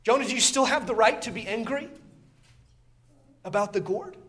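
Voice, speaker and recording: Impassioned high-voiced male preacher. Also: moderate pace. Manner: impassioned, swells loud then drops low, repeats words; reads scripture in old-style wording. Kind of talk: sermon.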